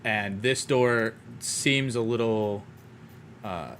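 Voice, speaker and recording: A man's voice: fairly low pitch, slow pace, a bit bright, slight background noise. A man narrating a tabletop game as game master, in a loose, rambling way full of fillers.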